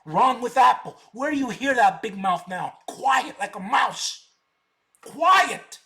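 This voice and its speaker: Boastful high-voiced man on a stream. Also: expressive, unhurried, bright, forceful tone. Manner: boastful, combative, repeats words for emphasis. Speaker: stock options streamer. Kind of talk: live stream monologue.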